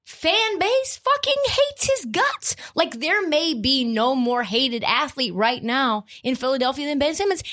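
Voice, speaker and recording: A woman hosts a sports podcast in a loose, profane rant. Her voice sits fairly high and swings widely in pitch as she hammers her points. The delivery stays casual and heated throughout. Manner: profane, animated ranting. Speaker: podcast host.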